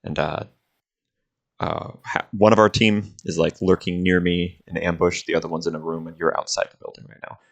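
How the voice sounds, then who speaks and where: A man with a very low, gravelly voice explains his move in a tabletop game. He lays it out plainly and matter-of-factly. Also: little pitch movement, moderate pace. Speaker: player.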